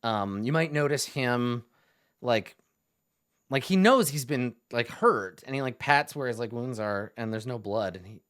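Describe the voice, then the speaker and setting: A man's voice: medium pitch, animated, unhurried, fairly bright tone, no echo, studio quality. A man narrating as game master in a loose, rambling way, full of fillers.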